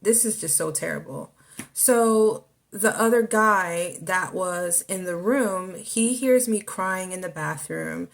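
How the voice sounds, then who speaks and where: A woman podcast host giving a personal testimony, speaking haltingly with many fillers. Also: lowish voice, vocal fry.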